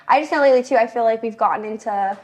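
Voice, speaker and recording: Young woman host, winded from a workout, rambling chatty delivery, slightly high voice. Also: rapid-fire, a little mellow, soft background music. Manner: chatty, lots of "like" fillers. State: out of breath. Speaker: podcast host. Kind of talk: casual chat while working out.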